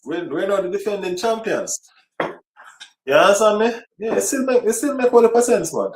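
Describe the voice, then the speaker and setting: A man chatting casually on a football livestream, rambling and repeating himself. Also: fairly high pitch. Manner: rambling, repeats himself, frequent "you know what I mean". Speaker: football vlogger. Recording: roomy, slightly distant mic.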